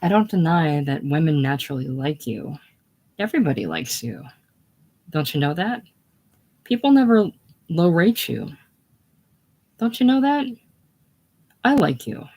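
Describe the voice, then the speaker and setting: Calm teasing young guy poking at his buddy, one reader doing all parts, slow, casual play reading. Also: medium pitch. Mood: needling. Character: patient, needling young male friend.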